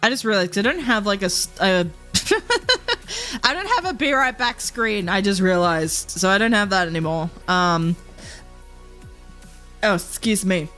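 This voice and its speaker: A woman's voice: mid-range voice, animated, a little slow, long pauses, fairly bright tone. Chatty woman streamer with music behind. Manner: chatty, laughs often, swears, mimics characters. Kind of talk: casual live-stream chat.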